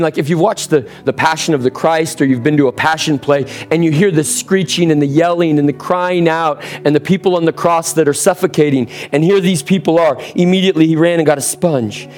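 A man preaching a sermon to a live congregation, energetic and calling for responses. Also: fairly high pitch. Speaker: pastor. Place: church sanctuary with congregation.

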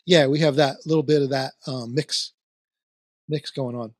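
A man's voice: medium pitch, fairly even intonation, moderate pace, no room sound, studio quality. A man from near Trenton with a Philadelphia-area accent, hosting a casual interview and rambling through fillers and restarts. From New Jersey, near Trenton. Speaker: podcast host.

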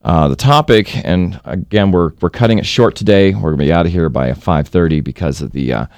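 A man's voice: sits low, brisk, a little mellow, clear, resonant tone, dry recording. A man hosting a call-in talk radio show, rambling with many restarts and fillers.

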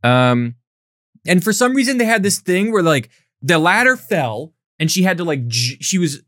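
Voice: mid-range voice, sing-song, normal speed, fairly bright tone, dry recording, clean studio sound. A podcast host recapping a bad movie in casual chat, sarcastic and profane, telling the story with energy.

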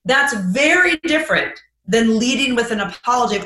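A woman author talking as a podcast guest, emphatic and animated, acting out sample conversations as she explains her advice. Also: on the high side, normal speed, echoey room, poor audio. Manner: animated, emphatic, acts out example dialogue. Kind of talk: podcast interview.

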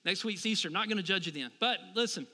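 Bright-voiced male pastor preaching. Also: high-pitched, fast talker, big-room sound. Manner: conversational, asks the congregation for responses. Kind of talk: sermon.

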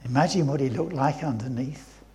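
A man's voice: medium pitch, normal speed, darkish tone. A man, preaching a sermon in a church, reading scripture and repeating phrases for emphasis. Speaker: pastor.

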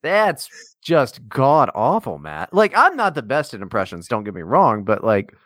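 A man's voice: medium pitch, big pitch swings, normal speed, a bit bright, no echo, studio quality. A man co-hosting a podcast in casual banter, teasing and swearing as he rambles. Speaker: podcast co-host.

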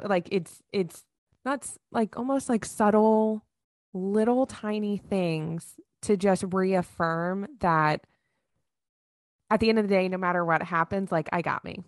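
A woman's voice: on the low side, no echo, studio quality. A woman co-hosting a podcast, telling stories in a casual, chatty way with many fillers and acted-out quotes. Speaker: podcast co-host. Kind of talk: casual chat.

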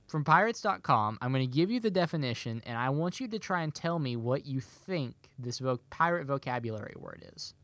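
A man's voice: medium pitch, expressive, brisk, few pauses, a bit bright, no room sound. Playful man hosting a movie chat. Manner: playful, quizzing with a hammy pirate delivery. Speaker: podcast co-host. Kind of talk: casual movie podcast chat.

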